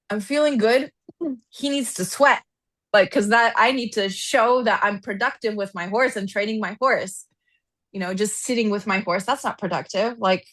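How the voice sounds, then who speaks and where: A woman guest on a podcast, telling a personal story in casual interview talk, animated and full of "like", her pitch climbing as she relives strong feelings. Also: no room sound. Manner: animated storyteller, frequent "like", rises in pitch when reliving anger. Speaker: podcast guest, equine therapist.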